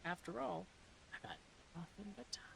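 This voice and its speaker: A woman reading a novel aloud in a soft-spoken ASMR style, slipping into whispers now and then, with dry, deadpan humor. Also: on the low side, moderate pace, gravelly, a little hiss or hum, rough recording. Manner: soft, dips into whispers at times.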